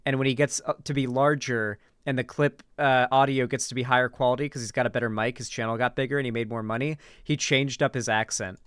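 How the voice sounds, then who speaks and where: A man's voice: medium pitch, steady tone, fast talker, hardly any pauses, fairly bright tone, clean tone, dry recording, studio quality. A young man reacting live to a video, chatting casually with lots of fillers, restarts and trailing thoughts. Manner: rambling, many fillers and restarts.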